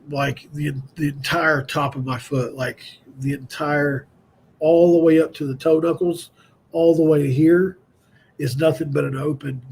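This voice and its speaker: Gravelly man chatting loosely. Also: a little high, a little hiss or hum. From West Virginia. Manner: candid and self-deprecating, loose and digressive. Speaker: host of a fan show. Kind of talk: rambling casual live-stream chat.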